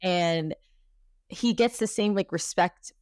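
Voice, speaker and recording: A young woman co-hosting a casual chat podcast, talking in a relaxed way with lots of fillers and self-corrections. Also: on the low side, slow pace, no echo, clean studio sound. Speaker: podcast co-host.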